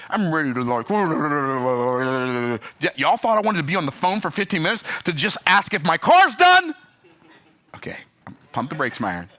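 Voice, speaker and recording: Animated, bright-voiced man ranting. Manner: animated, emphatic storytelling with pitch jumps. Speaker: business vlogger. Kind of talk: opinionated talking-head rant.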